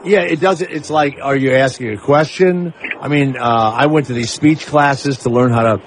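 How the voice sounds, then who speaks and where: A man's voice: mid-range voice, moderate pace, noisy background. A man in his sixties hosting a call-in radio talk show, brash and teasing with his callers. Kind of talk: casual call-in radio banter.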